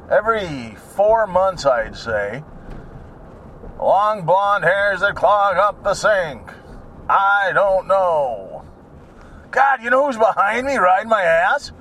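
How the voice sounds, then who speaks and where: High, lively man ranting while driving. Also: takes it slowly, slight background noise. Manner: ranting, sarcastic, drifts between topics, swears. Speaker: vlogger. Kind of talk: rambling driving vlog.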